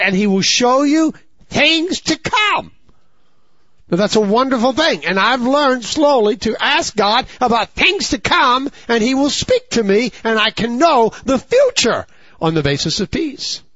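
A middle-aged male pastor, preaching a sermon with call-and-response questions and swinging between loud emphatic highs and hushed lows. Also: dry recording. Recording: slightly dull, dry sound.

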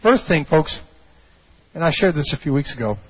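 A man preaching a sermon as pastor, swinging from hushed low passages to shouted peaks and calling out to the congregation for amens. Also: very animated, moderate pace, slightly rough. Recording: dull lo-fi recording.

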